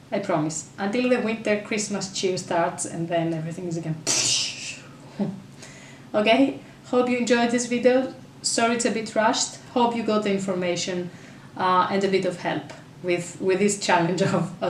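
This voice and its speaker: A woman giving parenting advice straight to her camera, earnest and chatty, breaking off for quick asides. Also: mid-range voice, steady tone, slight background noise. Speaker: parenting vlogger and mother. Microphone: camera mic. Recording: echoey room, voice a bit far from camera.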